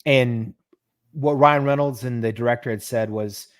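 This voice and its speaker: A man's voice: medium pitch, moderate pace, no echo. A man in the middle of his range chats on a podcast, retelling scenes with loose energy and frequent restarts. His voice sits close and dry on the mic, with no room around it. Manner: animated storyteller, stumbles and restarts, swears freely. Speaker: podcast co-host. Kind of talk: casual chat.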